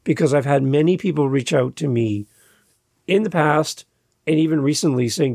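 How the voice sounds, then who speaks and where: A man's voice: on the high side, normal speed, creaky, darkish tone, no room sound, clean studio sound. A man hosting his own podcast, talking casually and emphatically, repeating key words for stress. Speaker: podcast host. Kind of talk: casual solo podcast talk.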